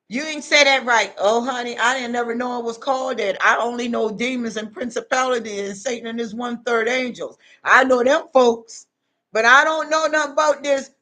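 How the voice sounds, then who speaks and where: A woman hosting a livestream, talking in a folksy, animated, preachy way and often calling listeners honey and y'all. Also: high voice. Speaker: livestream host. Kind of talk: preachy casual livestream talk.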